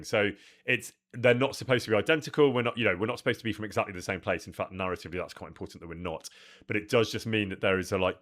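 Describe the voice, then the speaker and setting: A man streams a video game while chatting casually, wandering off into asides and laughing easily. His voice is on the low side with a fairly bright tone, typical of relaxed live-stream talk.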